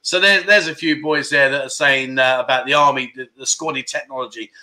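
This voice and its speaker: Hosting a casual livestream, a man with a mid-range voice, fairly even intonation and a pushed, bright sound talks fairly quickly. He's chatty and jokey, bantering with viewers and reading their comments aloud in easygoing slang.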